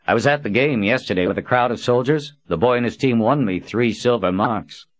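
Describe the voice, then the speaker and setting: A man voicing a self-conscious, kindly soldier captain with gruff, awkward warmth in an audiobook. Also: medium pitch, a little fast, no room sound, dull audio, pitched above the performer's own voice, close to an everyday voice. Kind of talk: audiobook character voice.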